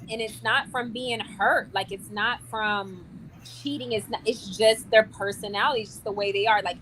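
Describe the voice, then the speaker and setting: A young woman speaks straight to her camera in a bright, forceful voice. She rambles in an animated, casual way, starting sentences over and leaning on "like." Faint room ambience sits behind her. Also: a little high, a little hiss or hum. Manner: chatty and animated, many likes and restarts. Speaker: vlogger.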